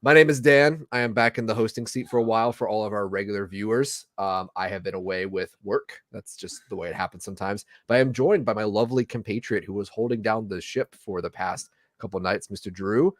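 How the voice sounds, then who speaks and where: A man's voice: on the low side, a little fast, few pauses, no room sound, studio quality. A man hosting a casual livestream chat, joking through his introductions. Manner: jokey, playful introductions. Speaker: podcast host.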